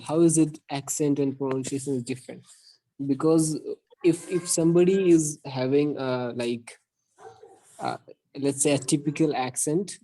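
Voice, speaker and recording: A man, a student in an online class, asking a question hesitantly with halting restarts. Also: on the high side, warm tone, poor audio.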